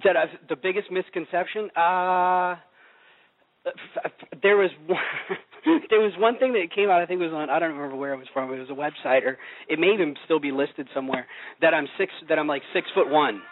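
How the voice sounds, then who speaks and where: A man's voice: a little high, brisk. A middle-aged man from Oklahoma, a voice actor guest, talking in a rambling, laid-back way with many restarts. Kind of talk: casual interview. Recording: dry, tinny phone-line sound.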